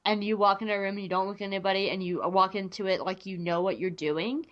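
A woman hosting a podcast in casual chat, talking in an animated, rambling way with frequent restarts. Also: medium pitch, fast talker, dull audio. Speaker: podcast host.

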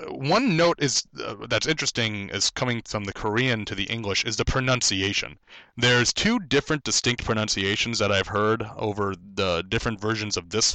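A man's voice: lowish voice, sharp tone, no echo. A man hosting a podcast, casually recapping and reviewing an old giant monster film, chatty and digressive with frequent fillers and restarts. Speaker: podcast host.

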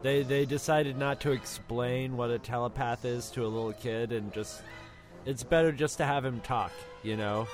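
A man's voice: medium pitch, steady tone, normal speed, soft background music. Wry, teasing man in casual chat. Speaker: podcast co-host.

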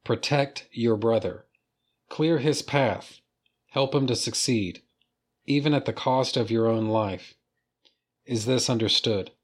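A man reading aloud the lines of a stern female alien overseer from a comic, in a measured, formal way. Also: mid-range voice, breathy edge. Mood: solemn.

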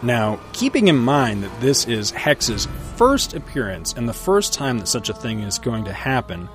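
A middle-aged man casually recapping a western comic book, telling it as a relaxed story with his own asides. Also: mid-range voice.

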